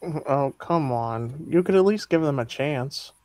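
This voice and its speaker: A woman's voice: deep voice, animated, unhurried, warm tone, dry recording. A woman voicing a spirited young princess wife in a fan dub, patient and coaxing. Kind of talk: fan dub of an animated film.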